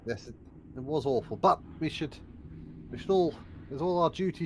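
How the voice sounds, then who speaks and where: Brief: male player, animated rising and falling voice, slightly high, faint hiss. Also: moderate pace. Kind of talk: casual tabletop play.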